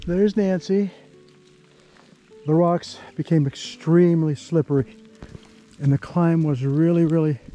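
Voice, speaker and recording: A man narrating a hike to the camera on an outdoor canyon trail, easygoing and chatty, thinking aloud with pauses. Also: on the high side, warm tone. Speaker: travel vlogger.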